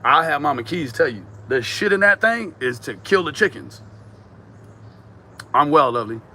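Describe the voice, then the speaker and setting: A man chatting casually with viewers on a livestream, animated and joking, swearing and laughing often. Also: fairly high pitch, normal speed, slight background noise. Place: outdoors in a backyard.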